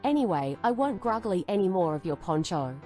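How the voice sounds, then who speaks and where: A woman's voice: lowish voice, big pitch swings, a little fast, dark tone, faint music behind. A woman hosting a comedy podcast, announcing a mock award with theatrical, cheeky delivery. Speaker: podcast host.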